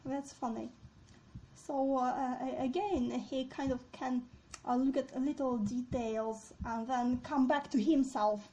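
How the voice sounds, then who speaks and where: A high-pitched woman leads a literature discussion at an unhurried pace. She asks questions and reads quoted lines aloud over a faint background hiss. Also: steady tone, dark tone, poor audio. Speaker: teacher. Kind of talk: discussion lesson on a play.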